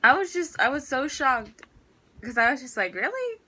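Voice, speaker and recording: A woman's voice: high-pitched, moderate pace, bright, forceful tone, husky, rough recording. A teenage girl ranting in a storytime vlog about her school day, exasperated and full of fillers. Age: teens. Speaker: student vlogger.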